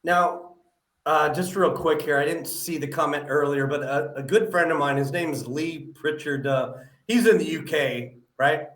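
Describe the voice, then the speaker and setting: A man hosts a live podcast, friendly and curious, filling pauses with hesitations. His voice sits a little high. The sound carries noticeable room echo. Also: fairly bright tone. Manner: friendly, asks follow-up questions, many "uh" fillers. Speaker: podcast host.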